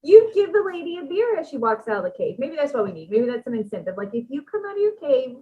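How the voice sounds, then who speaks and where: A woman's voice: high voice, big pitch swings, fast, breathy edge. A chatty woman tells stories with frequent giggles in a slightly raised voice. The recording sounds a bit dull and lo-fi. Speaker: co-host. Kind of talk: casual chat.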